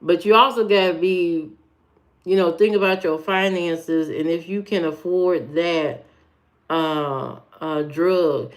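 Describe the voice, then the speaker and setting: A woman's voice: fairly low pitch, fairly even intonation, slow. A woman from Indiana with an Indiana accent, hosting a live stream, talking bluntly and loosely straight back to viewers' comments. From Indiana, USA.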